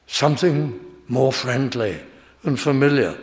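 A man preaching an expository sermon, reading verses and explaining them with deliberate emphasis. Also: mid-range voice. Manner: slow, deliberate Bible exposition with rising emphasis. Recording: long hall reverb.

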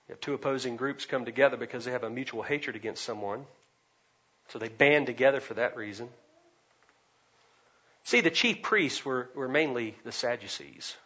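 A man preaching an expository sermon, swinging between loud emphasis and quiet asides. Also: medium pitch, normal speed, long pauses, breathy edge, muffled recording. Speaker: pastor.

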